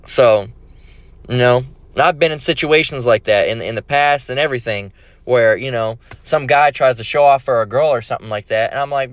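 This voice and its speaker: A man's voice: medium pitch, moderate pace, no room sound. A man preaching in a casual rant, blunt and profane, full of fillers and restarts. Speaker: bible preacher.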